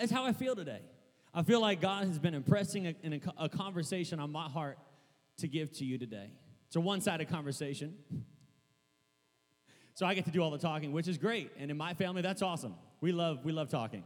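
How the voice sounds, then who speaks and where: A young man preaching a sermon in a church, rambling and excitable, stumbling over restarts and breaking into shouts. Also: sits high, a little fast, long reverb tail. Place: church hall.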